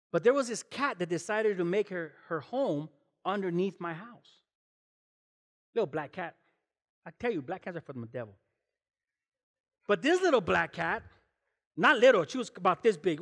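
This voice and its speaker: A man preaching an animated sermon as guest pastor, telling stories and talking directly to the congregation. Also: high voice, long reverb tail. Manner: storytelling, acts out voices, addresses the congregation. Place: church.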